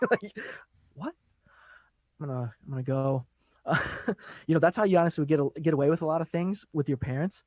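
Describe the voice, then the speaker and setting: A man guesting on a podcast, talking fast and laid-back in casual chat, laughing often. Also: fairly high pitch, huge pitch swings, darkish tone, slightly rough, no echo.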